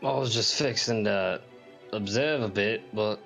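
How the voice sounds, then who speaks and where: A man playing a tabletop game, speaking in a slow, hesitant, laid-back way. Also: fairly low pitch, vocal fry, fairly bright tone, soft background music. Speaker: player.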